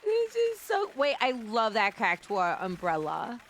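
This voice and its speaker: A woman's voice: fairly high pitch, wildly swooping pitch, measured pace, a little hiss or hum. A woman streamer reacting live to a game, gushing and squealing over how cute everything is.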